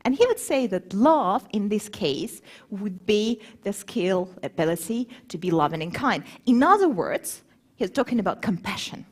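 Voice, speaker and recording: A woman's voice: mid-range voice, normal speed, breathy edge. A woman who grew up between Moscow and Warsaw, giving an engaging conference talk and quizzing the audience. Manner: lively, engaging, asks the audience questions. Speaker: conference speaker.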